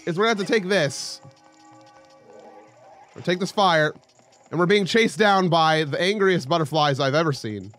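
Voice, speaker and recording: A man's voice: a little high, moderate pace, pauses often, soft background music. A young man casually commentating his gameplay, joking and yelping at sudden moments. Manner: excitable, joking, with sudden yelps. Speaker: let's play host.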